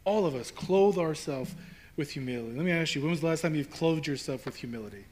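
A man's voice: fairly high pitch, lively intonation, quick pace, darkish tone. A male pastor preaching a sermon in a conversational, emphatic way, building to rhetorical questions.

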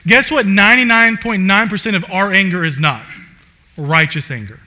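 A man delivers a sermon in a chatty, unpolished way, leaning on "like" as he goes. His voice sits a little high and rings very bright. He swells into loud, emphatic runs and then sinks into quiet, low asides. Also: moderate pace. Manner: frequent "like" fillers, conversational. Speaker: preacher.

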